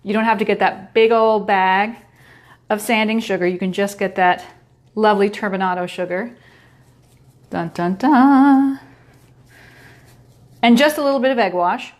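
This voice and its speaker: A woman's voice: medium pitch, brisk. A middle-aged woman hosting a baking show, giving a chatty, playful cooking demonstration with little sound effects.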